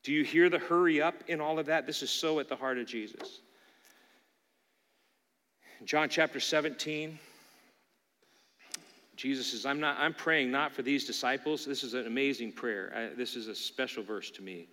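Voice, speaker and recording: A man's voice: medium pitch, moderate pace, pauses often, fairly bright tone. A man preaching a sermon as pastor, talking earnestly and conversationally to his congregation in a church. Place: church sanctuary. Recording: long hall reverb from a church room.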